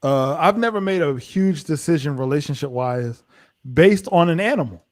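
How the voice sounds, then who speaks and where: A man co-hosting a casual live review chat, telling stories in an animated way and acting out what people said. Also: on the high side, normal speed. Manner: animated storytelling, acts out quotes. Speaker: co-host of a reality TV review show.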